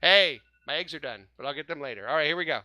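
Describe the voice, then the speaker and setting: A man's voice: fairly high pitch, quick pace, sharp tone, no room sound, faint music behind. A man hosting a casual fan podcast, running a name quiz, joking and laughing often as he spells out names. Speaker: podcast host. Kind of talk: casual panel chat, quiz game.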